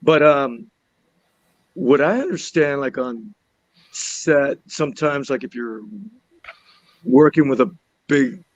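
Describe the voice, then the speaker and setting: A man telling a story from a film set in casual chat, animated and laughing, restarting and repeating words as he goes. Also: medium pitch, takes it slowly, long pauses, highs cut off. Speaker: actor and podcast guest.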